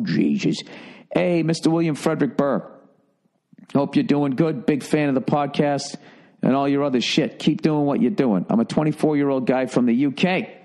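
A man's voice: medium pitch, a little mellow. A man hosting a comedy podcast, reading listener letters aloud and breaking in with profane, sarcastic remarks.

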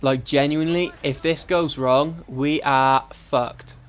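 A man's voice: fairly high pitch, fairly even intonation, slow pace. A young man hosting a let's-play, chatting casually and swearing freely as he plays. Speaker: gaming channel host.

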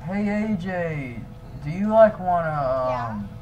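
A young man voicing his own character in a fan-made game drama, excitable and swinging between shouting and nervous mumbling. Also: fairly high pitch, slow pace, soft background music, poor audio. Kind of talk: improvised fan machinima dialogue.

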